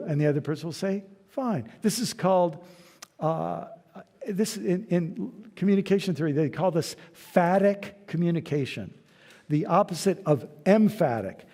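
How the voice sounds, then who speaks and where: A man's voice: on the high side, a little mellow. A man giving a conversational church lecture, telling stories and acting out short dialogues. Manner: storytelling, acting out little dialogues. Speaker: guest lecturer. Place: large church hall. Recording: long hall reverb.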